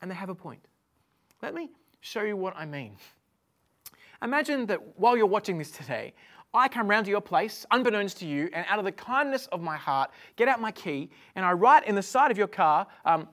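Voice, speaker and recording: A woman delivers a sermon to an online audience. Her manner is chatty and animated, moving between quiet, intimate stretches and loud, emphatic ones. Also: on the low side, brisk. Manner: conversational and animated, swings from hushed to loud. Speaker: preacher.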